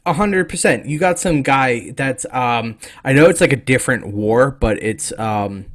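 A man's voice: medium pitch, a little slow. A young man hosting a casual history podcast from home, laid-back, rambling and jokey. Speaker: podcast host.

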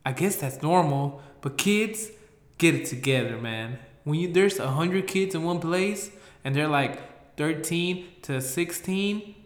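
A man telling a rambling, profane story, blunt and swinging between loud outbursts and low mutters. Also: expressive, takes it slowly, echoey room.

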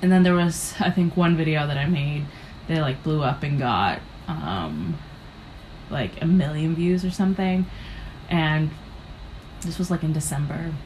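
A young woman from the United States speaks with a notably low voice over a faint hiss. She guests as a comedian, rambling through her stories with plenty of fillers. She acts out her own reactions as she goes. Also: unhurried, darkish tone, low-quality recording. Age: young adult. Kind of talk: casual interview storytelling.

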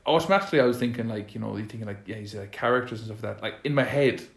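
A man's voice: on the low side, expressive, rapid-fire, creaky. An Irish man hosting a casual podcast chat, rambling with lots of restarts and fillers. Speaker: podcast host. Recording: echoey room.

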